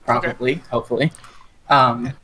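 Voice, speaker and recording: A man's voice: medium pitch, little pitch movement, pushed and bright, slight background noise, poor audio. A man playing a tabletop game, talking in a casual, hesitant way with many fillers. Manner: slow, hesitant, filler-heavy. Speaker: player.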